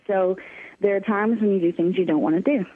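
A woman guest telling a personal story, speaking haltingly with pauses and restarts. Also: mid-range voice. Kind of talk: emotional personal testimony. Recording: tinny phone-like line.

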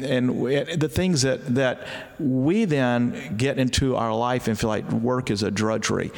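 A middle-aged pastor tells stories as a guest on an interview, stumbling over his starts and then acting out the voices in them. His voice is gravelly and rough. The room leaves a long reverb on it. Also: medium pitch. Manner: animated storyteller who restarts often and acts out voices. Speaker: pastor and author.

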